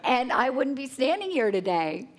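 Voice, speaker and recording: Animated woman telling a cooking story. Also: high voice, moderate pace. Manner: lively, animated storyteller acting out her own reactions. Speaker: chef and cooking presenter. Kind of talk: storytelling at a live cooking demonstration. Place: conference hall with a live audience.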